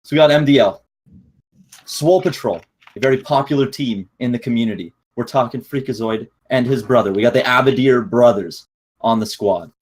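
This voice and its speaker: Husky-voiced man, joking podcast co-host. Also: mid-range voice, fairly quick. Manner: upbeat, joking, laughs easily. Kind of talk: casual podcast chat.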